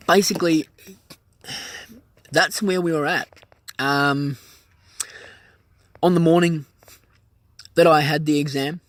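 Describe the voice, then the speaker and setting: A man telling a personal story in a casual vlog, animated and acting out the voices of people in it. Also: fairly high pitch, no room sound. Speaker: vlogger, pilot.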